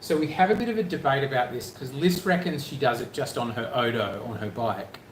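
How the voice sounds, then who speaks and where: A man's voice: medium pitch, fairly quick, roomy sound, slight background noise. A man chatting casually and jokingly with viewers during a travel live stream. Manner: chatty, jokey, rambling.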